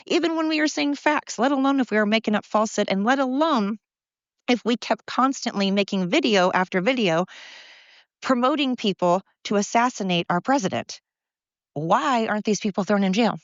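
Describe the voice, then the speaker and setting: A woman's voice: medium pitch, no echo. A woman in her thirties hosts her own podcast, ranting with indignant sarcasm. Her voice sits close and dry on the mic, with no room sound around it. The recording is a touch dull and muffled. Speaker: podcast host. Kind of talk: opinionated monologue.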